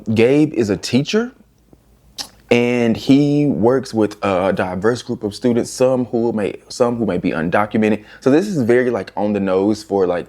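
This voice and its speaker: A young man reviewing books in a casual vlog, animated and exasperated, swearing freely as he rants. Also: on the low side. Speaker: book reviewer.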